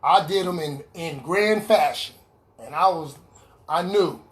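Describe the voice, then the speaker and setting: A recovery speaker gives a heartfelt testimony in an online meeting via video call, speaking at a measured pace in a highish voice. He returns to key lines, repeating them for emphasis.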